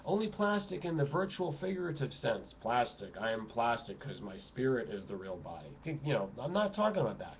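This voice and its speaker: Fired-up male vlogger, exclamatory outbursts and low muttering, dull home recording. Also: sing-song, a little fast, few pauses, a little hiss or hum. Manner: agitated, exclamatory, swings between loud outbursts and low mutters. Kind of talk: impassioned ranting monologue. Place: home room at a computer desk.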